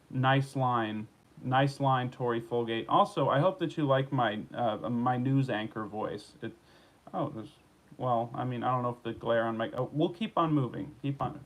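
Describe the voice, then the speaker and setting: A man's voice: medium pitch, moderate pace, rough recording. Rambling sarcastic man riffing on news. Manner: rambling, sarcastic, restarts and riffs on news he reads. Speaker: host. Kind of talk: solo comedic news rant.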